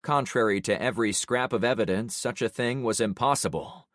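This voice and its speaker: A man narrating a first-person audiobook in a measured storytelling way. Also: mid-range voice, fairly bright tone, dry recording, clean studio sound.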